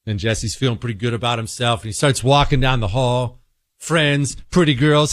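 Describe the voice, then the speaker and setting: A man hosting a political commentary monologue, telling an animated story and acting out characters. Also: mid-range voice, moderate pace, no room sound, studio quality. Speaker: political talk show host.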